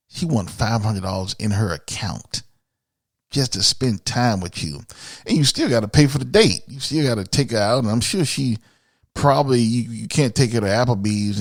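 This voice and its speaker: A man's voice: lowish voice, no echo, clean studio sound. A man from Miami hosting a podcast, ranting bluntly and profanely in an opinionated solo monologue. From Miami, USA. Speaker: podcast host.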